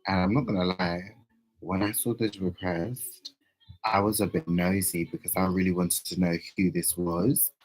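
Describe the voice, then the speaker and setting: A man chatting casually on a livestream, playful, with sudden loud outbursts. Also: sits low, fairly even intonation, normal speed, low-quality recording.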